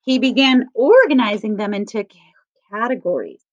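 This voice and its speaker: A woman teacher reading a picture book aloud to children, stressing each word slowly in a sing-song way. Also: fairly high pitch, lively intonation. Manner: slow, sing-song emphasis on words. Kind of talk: read-aloud lesson for children. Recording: dull lo-fi sound.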